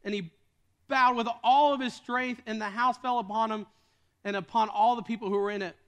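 A man's voice: sits high, fairly even intonation, fairly quick, a bit bright. A man preaching a sermon as a retold story, casual in tone with joking asides.

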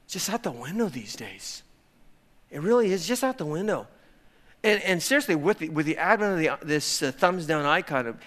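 Animated male pastor, bright, high voice. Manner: animated, swings from hushed to loud exclamations. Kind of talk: sermon.

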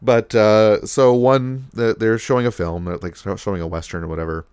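A man's voice: on the low side, steady tone, moderate pace, a little mellow, clear, resonant tone, dry recording, clean studio sound. A man co-hosting a podcast, recapping a TV episode in a rambling casual chat full of fillers and acted-out quotes. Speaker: podcast co-host.

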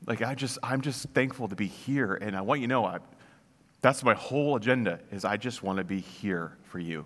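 A man with a lowish voice gives a casual sermon in a loose, conversational way. He searches for words and often restarts his sentences. His voice carries a long hall reverb. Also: a little fast, fairly bright tone. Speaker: pastor.

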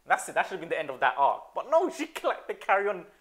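A man hosting a casual film review chat, animated, laughing often and mimicking characters. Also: high-pitched, fast. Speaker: film review podcast host.

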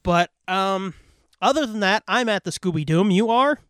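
A man's voice: high-pitched, animated, normal speed, fairly bright tone, smooth, no room sound, clean studio sound. A man hosting a podcast, casually plugging links and swearing as he rambles. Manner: profane, rambling, laid-back. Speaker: podcast host. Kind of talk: casual podcast outro with plugs.

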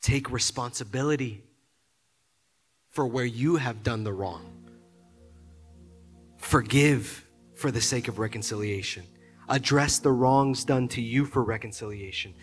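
A man preaching a sermon, often repeating his words and building to loud, emphatic peaks. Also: medium pitch, measured pace, pauses often, faint music behind. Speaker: pastor.

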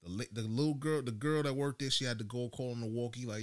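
A man's voice: medium pitch, quick pace, clean tone. A man in his thirties, telling a story animatedly in casual chat as a podcast host. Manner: animated storytelling with laughs and slang.

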